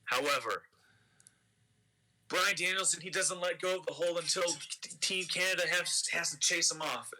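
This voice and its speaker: A man's voice: a little high, normal speed, long pauses, sharp tone, faint music behind, rough recording. A man co-hosting a casual game commentary, talking loosely, swearing and restarting his sentences. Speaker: let's play co-host.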